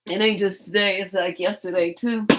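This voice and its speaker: A woman's voice: medium pitch, steady tone, moderate pace, heavy background noise. A woman hosting a tarot live stream, telling a rambling, profane story and laughing often.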